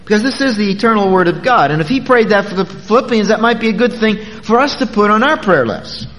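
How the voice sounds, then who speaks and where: A man's voice: sits high, lively intonation, quick pace, fairly bright tone, long reverb tail, low-quality recording. A man preaching a sermon as pastor, talking in a conversational way and stretching key words for emphasis.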